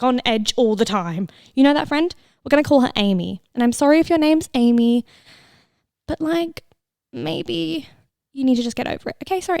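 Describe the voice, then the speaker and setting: A woman with a fairly high, creaky voice hosts a casual solo podcast, chatting and laughing, cursing freely and sometimes slipping into a whisper. The recording is clean studio sound with no room tone, close-miked for listeners on headphones.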